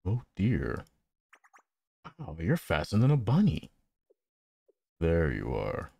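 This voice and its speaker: A young man giving playful gameplay commentary, reacting out loud and giggling as he plays. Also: low-pitched, wildly swooping pitch, takes it slowly, gravelly, slightly rough, no echo, dull audio. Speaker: gaming channel host.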